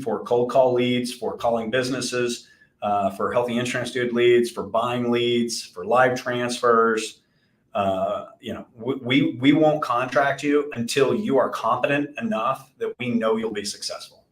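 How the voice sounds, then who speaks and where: A man's voice: medium pitch, a bit bright. Man telling a rambling story. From Texas. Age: 40s. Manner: rambling, self-deprecating storyteller with many restarts. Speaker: podcast co-host, insurance agency owner. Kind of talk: casual chat and storytelling. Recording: roomy echo.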